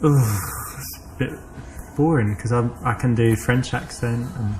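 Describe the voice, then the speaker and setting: A man's voice: mid-range voice, measured pace, a little mellow, a little hiss or hum, close to an everyday voice. An actor playing a cocky, boastful British man with a British accent, bragging and teasing on a date in a game. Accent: British English. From England.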